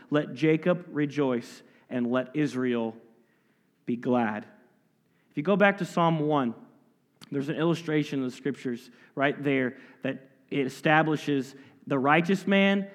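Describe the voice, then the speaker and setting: A man with a high voice preaches an expository sermon from the pulpit. He reads scripture, then drives each point home with emphatic asides and sudden drops to near quiet. His voice rings with the long echo of a large hall. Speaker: pastor.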